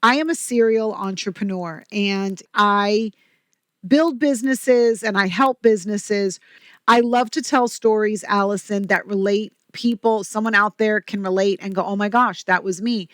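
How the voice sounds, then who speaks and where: A woman's voice: mid-range voice, no echo. Chatty upbeat woman telling her story on a podcast, dry close mic. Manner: energetic, chatty storyteller with quick asides. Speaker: podcast guest, company president. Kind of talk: casual interview talk.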